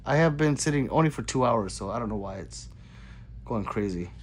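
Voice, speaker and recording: A man's voice: medium pitch, animated, fairly quick, slight background noise. A man hosting a casual livestream, reading viewer chat aloud in a chatty, profane way. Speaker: livestream host.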